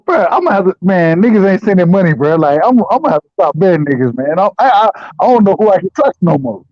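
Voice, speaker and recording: A man on a group call, animated and playful, stammering through casual banter with friends. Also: high voice, fast, no room sound. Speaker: guest on the call. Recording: dull, lo-fi call audio.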